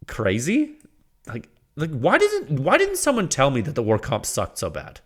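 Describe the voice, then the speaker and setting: A man's voice: mid-range voice, huge pitch swings, moderate pace, fairly bright tone. A man hosting a podcast, talking in a casual, rambling monologue with exasperated rants, frequent laughter and quoted asides. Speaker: podcast host.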